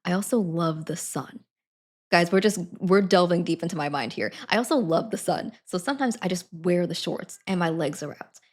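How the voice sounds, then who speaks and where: A woman's voice: lowish voice, moderate pace. A woman chatting casually to her live stream audience, giggling between sentences. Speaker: Twitch streamer.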